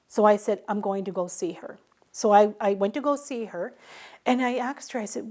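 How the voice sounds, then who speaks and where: A middle-aged woman who teaches a traditional craft, telling stories in an unhurried conversational way and acting out the dialogue she quotes. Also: medium pitch, darkish tone. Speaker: Mi'kmaw craft teacher and guest speaker. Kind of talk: storytelling in a recorded conversation.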